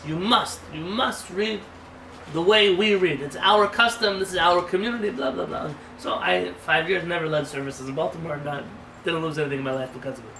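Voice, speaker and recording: Emphatic rabbi, bright voice, roomy far-off sound. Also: male voice, high-pitched, brisk, gravelly. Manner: conversational, emphatic, asks rhetorical questions. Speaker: rabbi teaching a class. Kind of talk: informal Torah class. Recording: roomy sound from a distant mic with faint noise.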